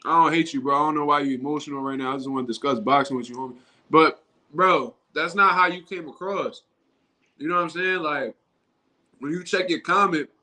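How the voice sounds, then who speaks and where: A man's voice: fairly high pitch, pushed and bright. A man talking casually on his own livestream, in loose street slang and often restarting his sentences. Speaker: boxing commentary YouTuber.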